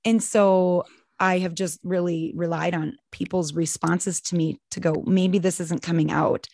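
A woman's voice: on the low side, fairly even intonation, measured pace, creaky, a little mellow, no echo. A woman in her forties co-hosting a casual faith podcast, telling stories animatedly and acting out quotes. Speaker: podcast co-host.

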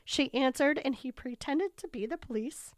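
A young woman co-hosting a podcast, with a slightly high voice and a dry, close sound. She chats casually and laughs often. She retells stories with little acted quotes. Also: moderate pace, no echo. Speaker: podcast co-host. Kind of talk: casual chat.

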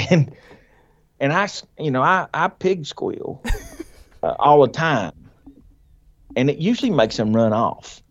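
A man telling a hunting story as a podcast guest, animated and folksy, laughing often and acting out what people said. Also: mid-range voice, unhurried, long pauses, muffled recording. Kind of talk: casual storytelling.

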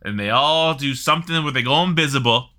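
A man in casual gaming chat as a podcast co-host, chatty and animated, swearing casually. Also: medium pitch, a little fast.

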